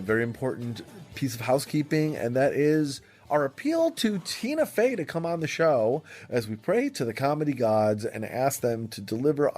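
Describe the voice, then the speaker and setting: A man's voice: mid-range voice, a little mellow. A man hosting an improv comedy podcast, playful and upbeat as he leads the games. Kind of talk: casual improv chat.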